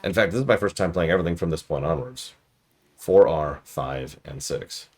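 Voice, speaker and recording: A man's voice: low voice, expressive, moderate pace, a little mellow. A man streaming a game, giving casual, playful commentary with joking asides.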